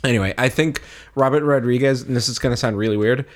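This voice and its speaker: A man co-hosting a casual podcast chat, animated and laughing often as he talks. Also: mid-range voice, quick pace. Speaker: podcast co-host.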